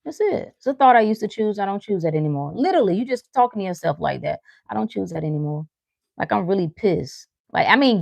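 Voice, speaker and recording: Low-voiced woman giving casual motivational talk. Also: creaky, a little mellow, dry recording. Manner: earnest, repetitive affirmations spoken aloud. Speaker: host of a live stream answering chat.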